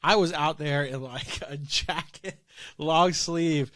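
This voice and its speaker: A man's voice: a little high, takes it slowly, fairly bright tone, dry recording. Male co-host, easygoing, chuckles a lot, dry close recording. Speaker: podcast co-host. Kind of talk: casual podcast chat. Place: in Florida.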